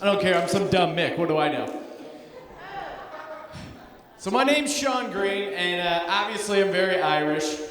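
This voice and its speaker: A man performing a stand-up comedy set on a theater stage, sarcastic and self-mocking, slipping into quick character voices. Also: high voice, a crowd in the background. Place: theater stage before a live audience. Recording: echoey hall recorded from far off.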